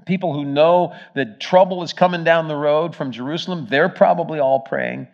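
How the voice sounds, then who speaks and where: A man preaching a sermon, telling the story with energy and swinging between loud emphasis and hushed moments. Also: fairly high pitch, normal speed, creaky, few pauses. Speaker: pastor. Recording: dull, muffled sermon recording.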